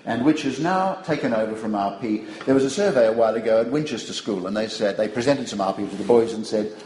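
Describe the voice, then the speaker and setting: Older male lecturer, wry and anecdotal, mid-pitched, roomy hall sound with faint ambience. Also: fast, a little hiss or hum. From Australia. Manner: wry, digressive, animated storytelling. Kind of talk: public lecture.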